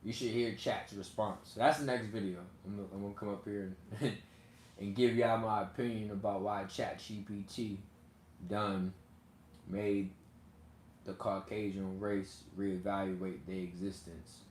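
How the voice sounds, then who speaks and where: A man's voice: fairly low pitch, steady tone, measured pace, a little mellow. Rambling man in an echoey room. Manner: loose, rambling, laughs often. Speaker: channel host. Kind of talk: casual commentary to viewers. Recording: echoey room with faint noise.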